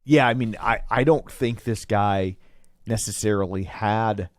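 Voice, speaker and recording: A man co-hosting a film review show in casual chat, measured and hesitant as he gently pushes back. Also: fairly low pitch, no room sound, studio quality. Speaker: film review podcast co-host. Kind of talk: casual movie discussion.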